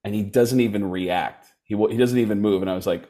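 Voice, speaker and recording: Animated storytelling comedian, man. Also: fairly low pitch, a little fast, few pauses. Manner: animated, slips into impressions of others. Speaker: comedian guest. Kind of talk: casual storytelling.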